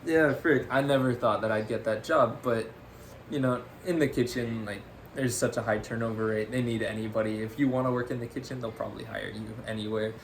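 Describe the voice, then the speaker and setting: Brisk and medium-pitched, a young podcast co-host spins a casual, animated story, laughing often and dropping "freaking" again and again. There's slight background noise.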